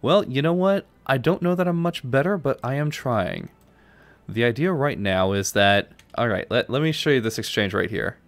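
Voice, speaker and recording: A man's voice: medium pitch, expressive, moderate pace, no room sound. A man from New York, chatting casually with viewers as he live-streams a strategy game and answers their messages. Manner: chatty, answers chat between moves.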